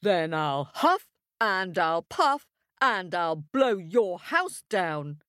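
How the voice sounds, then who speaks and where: A woman's voice: lowish voice, very animated, drawn-out words, a bit bright, no echo, studio quality, heavily acted. A woman doing a greedy, singing big bad wolf.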